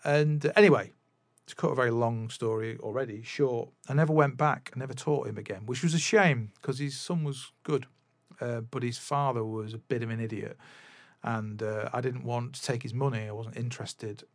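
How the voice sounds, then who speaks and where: A man's voice: mid-range voice, steady tone, moderate pace, no echo. A man hosting a podcast, telling a long story in a casual, rambling way with many restarts. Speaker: podcast host and drum teacher.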